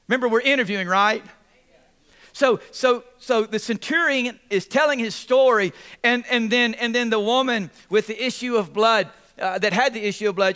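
Preaching a sermon, the pastor uses a high voice that's clear and resonant, at a moderate pace. He's animated and repetitive, drawing call-outs and responses from the congregation.

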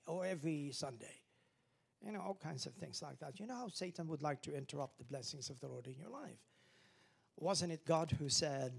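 A male pastor delivers an emphatic sermon, leading the congregation in call-and-response. His voice sits a little high with a husky, breathy edge. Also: expressive, a little fast.

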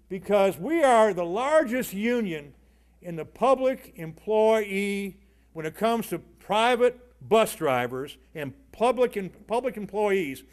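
A man, a union leader, giving a fiery rally speech, rousing the crowd with shouted call-and-response. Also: high voice. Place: organizing rally hall with a crowd. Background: faint crowd.

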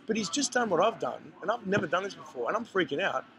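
A man hosting a podcast, telling a story in casual chat, animated and swearing, acting out what people said. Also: high-pitched, fast talker, low-quality recording. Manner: animated, acts out quotes, frequent swearing. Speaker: podcast host. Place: busy hostel bar. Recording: loud crowd chatter behind.

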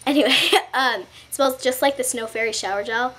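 A woman's voice: a little high, brisk, sharp tone. A young woman chatting casually in a haul vlog, giggling and rambling with lots of fillers and asides, speaking from home. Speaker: beauty vlogger. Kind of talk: casual haul video chat.

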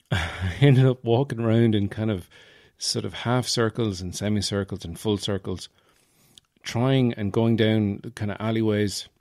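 Low-voiced Irish man rambling wryly. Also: measured pace, a little mellow, dry recording, clean studio sound. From Ireland, Offaly. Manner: rambling, wry, self-mocking. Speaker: podcast host. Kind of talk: casual comic monologue.

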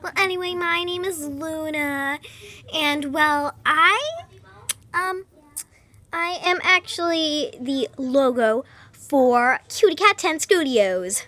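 A young woman voicing a chatty young female mascot cat in a fan-made toy film, hesitant and full of fillers, in a very high, bright, lively voice. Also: slow pace, full character voice. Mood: curious.

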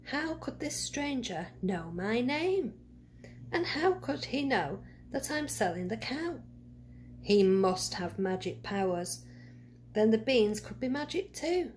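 A woman voicing a brave, kind-hearted boy hero in a read-aloud storybook, with a high, eager boyish voice. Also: very animated, takes it slowly, darkish tone, a little hiss or hum. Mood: wondering.

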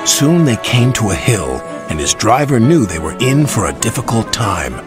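Man narrating a storybook, very lively. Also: lowish voice, normal speed. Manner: plain, steady storytelling. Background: background music.

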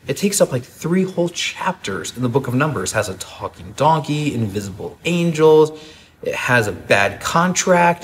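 A man preaching a sermon as a pastor, and told the story in a lively, humorous way. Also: mid-range voice, brisk, slight background noise.

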